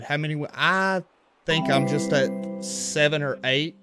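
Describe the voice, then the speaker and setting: Faint music plays behind this man, whose voice is a little high and paced at normal speed. He's a western Louisiana gaming livestreamer with a Louisiana accent, relaxed and chatty as he reacts to plays in a baseball video game and talks with viewers.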